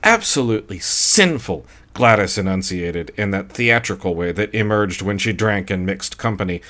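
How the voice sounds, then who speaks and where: A man's voice: deep voice, steady tone, normal speed, fairly bright tone. Man reading a dry horror story. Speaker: audiobook narrator. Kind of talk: scripted narration.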